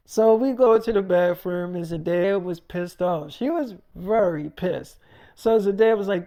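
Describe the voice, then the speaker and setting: A woman's voice: medium pitch, moderate pace, dark tone. Casual woman acting out a profane story. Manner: acts out dialogue with lots of "she's like", casual and profane.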